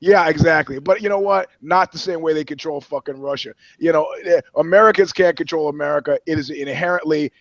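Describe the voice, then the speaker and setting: Male journalist co-host, blunt and profane, fairly high voice, dull dry recording. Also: brisk, hardly any pauses, no echo. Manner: blunt, swearing, storytelling. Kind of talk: profane podcast chat.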